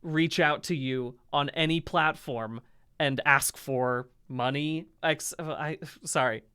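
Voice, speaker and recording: A man streaming live, chatting casually to his audience, animated and self-mocking, and often laughing. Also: fairly high pitch, takes it slowly, clear, resonant tone.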